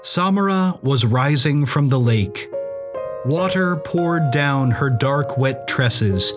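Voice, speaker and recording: Slow, measured male storyteller over music. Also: medium pitch. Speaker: narrator. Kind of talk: scripted audiobook narration.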